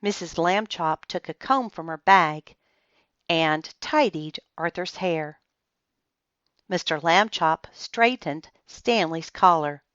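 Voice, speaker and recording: A woman reading a children's book aloud in a slow, expressive storytelling manner. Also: on the low side, no echo, lo-fi sound.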